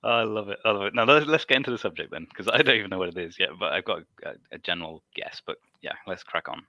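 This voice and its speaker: A man's voice: sits low, fast, pushed and bright, no echo, lo-fi sound. A British man chatting casually on a livestream, talkative and laughing often. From United Kingdom.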